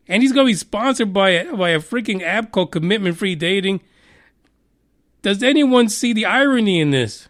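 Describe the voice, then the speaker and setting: A man hosts a podcast news segment in a fairly high voice. He swears freely and mocks the story he reads, often breaking into laughter. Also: expressive, normal speed, a bit bright. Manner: profane, mocking, laughs while reading. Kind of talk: crude comedic news commentary.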